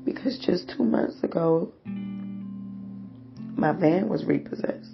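Woman pouring her heart out on her podcast, slow and tired, gravelly voice, dull lo-fi sound with guitar behind. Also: lowish voice. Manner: slow, halting and weary. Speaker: podcast host. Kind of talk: personal confessional podcast. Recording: dull lo-fi audio with guitar music.

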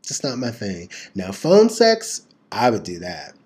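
A man's voice: lowish voice, huge pitch swings, unhurried, darkish tone, breathy edge. A man co-hosting a casual podcast, rambling playfully and correcting himself often. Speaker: podcast co-host. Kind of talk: casual chat.

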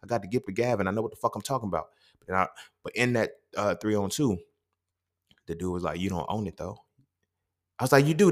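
A young man hosting a casual podcast monologue, swearing freely and acting out quoted dialogue in his stories. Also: brisk. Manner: profane, streetwise storytelling with quoted dialogue; animated, jumps up in pitch when quoting. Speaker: podcast host.

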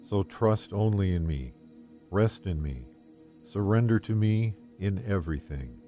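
A man reading a devotional text aloud in the first person, in a calm, gentle and measured way. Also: sits low, soft background music. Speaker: devotional reader.

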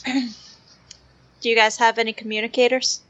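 A woman playing a tabletop role-playing game, talking casually with quick explanations and frequent laughter. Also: fairly high pitch, flat delivery, fairly bright tone, muffled recording.

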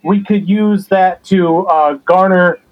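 A man's voice: high-pitched, fairly even intonation, takes it slowly, highs cut off. A man playing a rambling, resentful black-sheep brother in an improvised comedy interview. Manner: rambling, grudging, aggrieved.

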